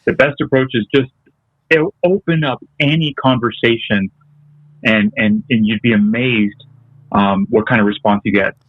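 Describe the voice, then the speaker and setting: A man's voice: medium pitch, moderate pace, dry recording. A male interview guest who talks in a casual, hesitant way and often stops to restart a thought. His voice comes through a narrow, tinny, phone-like line that sounds dry. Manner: hesitant, with many ums and restarts. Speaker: interview guest, detailing business owner. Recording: tinny, phone-like remote call audio.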